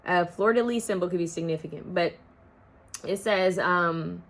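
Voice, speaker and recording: A woman's voice: fairly low pitch, normal speed, a bit bright. A young woman giving an intuitive pick-a-card tarot reading, talking casually to her viewers and half-singing song lyrics as she goes. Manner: chatty, addresses viewers as y'all, half-sings song lyrics.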